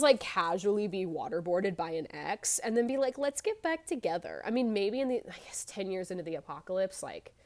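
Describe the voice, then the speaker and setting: A young woman giving casual reaction commentary, chatty and thinking aloud, asking herself one rhetorical question after another. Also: mid-range voice. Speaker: reaction video creator.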